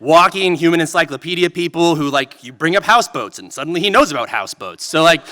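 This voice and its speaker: A man performing a live story on stage into a microphone, animated and full of "like". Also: on the high side, fast. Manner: animated, peppered with "like". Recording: long reverb of a venue hall.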